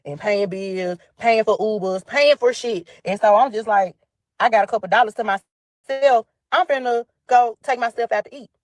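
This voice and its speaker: A woman's voice: a little high, normal speed, dry recording. Heated profane Southern woman venting. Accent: Southern US (Memphis). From Memphis, USA. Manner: heated, profane, addresses listeners as y'all. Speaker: storyteller telling about her ex. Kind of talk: angry venting monologue.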